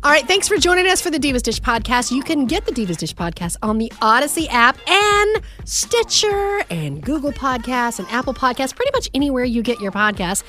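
A woman's voice: high voice, fairly quick, hardly any pauses. A woman with a Southern US accent co-hosting a podcast, telling family stories in a casual chat and laughing often. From American South. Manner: animated storyteller, laughs often. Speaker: podcast co-host.

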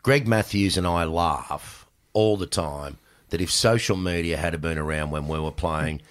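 An Australian man in his sixties, a former cricketer, telling animated stories in casual chat and swearing freely. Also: deep voice, unhurried. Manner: animated, acts out exchanges in raised voice, swears freely. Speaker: podcast guest, former cricketer.

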